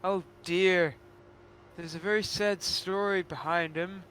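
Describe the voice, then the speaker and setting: A man's voice: high voice, steady tone, slow pace, a bit bright, slight background noise. A man voicing an earnest, caring male engine. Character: calm male toaster engine, Bill.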